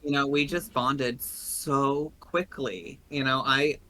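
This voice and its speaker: Brief: rambling, heartfelt Tennessee man, bright voice, casual podcast guest. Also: medium pitch, steady tone, slow, low-quality recording. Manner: earnest, rambling, openly emotional. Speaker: guest player.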